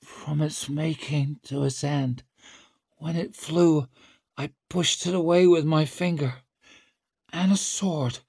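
A man voicing a dazed, feverish young woman warrior who croaks her words. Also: fairly high pitch, steady tone, takes it slowly, darkish tone, no echo, clean studio sound, voice pushed up, exaggerated voice. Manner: croaking, groggy.

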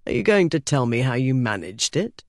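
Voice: mid-range voice, sing-song, normal speed, no echo, studio quality. A narrator voicing a theatrical male ship captain who commands his crew with relish and teases with ease. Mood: teasing. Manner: commanding, playful.

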